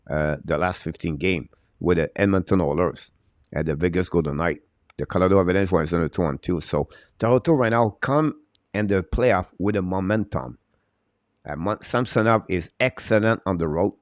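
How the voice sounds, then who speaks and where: A man with a deep, low-pitched voice talks through a live hockey stream, answering viewers. He speaks haltingly, with frequent fillers and rough grammar. The sound is close and dry, with no room echo. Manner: halting, with many fillers and broken non-native grammar. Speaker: hockey show host.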